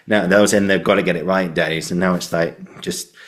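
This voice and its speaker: Deep low guy hosting a podcast, easygoing, rambles a bit. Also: little pitch movement, a little fast, hardly any pauses, a bit bright. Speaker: podcast host. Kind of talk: casual interview chat.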